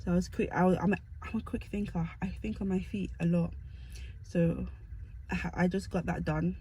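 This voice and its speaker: A woman's voice: lowish voice, steady tone, normal speed, dark tone, slight background noise, poor audio. A young woman from the UK telling stories to camera in a chatty, self-mocking way. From United Kingdom. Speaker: vlogger. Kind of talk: casual storytelling to camera.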